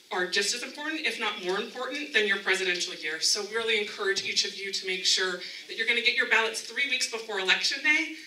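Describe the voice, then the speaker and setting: A woman's voice: mid-range voice, sharp tone, slight background noise. A woman, a county elections director, giving an upbeat presentation at a community town hall meeting and chatting with the audience. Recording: echoey room, mic from a distance.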